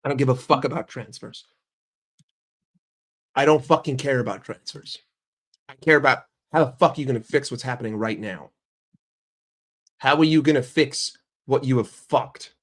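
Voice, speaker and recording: Young male streamer, mid-pitch, swears constantly, argues with his chat. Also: moderate pace, pauses often. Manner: profane, heated and argumentative; questions the chat directly. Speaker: football streamer. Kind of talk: livestream football rant.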